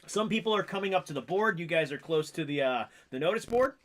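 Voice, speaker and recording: A man running a tabletop game, narrating casually with lots of fillers. His voice is fairly high and lively, rising and falling freely. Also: fast. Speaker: game master.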